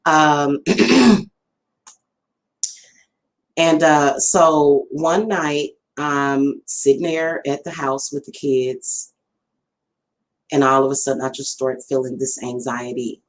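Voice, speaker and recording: In a low-quality recording, a middle-aged woman with a bass voice rambles casually on her livestream. A spiritual reader and channel host, she talks directly to the people watching.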